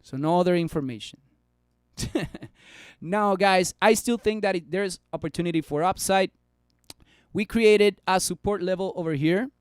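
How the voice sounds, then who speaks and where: Male streamer, high clear voice, casual chart talk, dry close mic. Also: no echo. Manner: chatty, bantering with chat. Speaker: stock market streamer. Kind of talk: casual live stock analysis.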